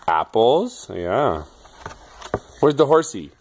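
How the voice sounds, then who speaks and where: A man talking baby talk to his toddler, asking slow sing-song questions and making animal sounds. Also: mid-range voice, big pitch swings, a little hiss or hum. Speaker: parent.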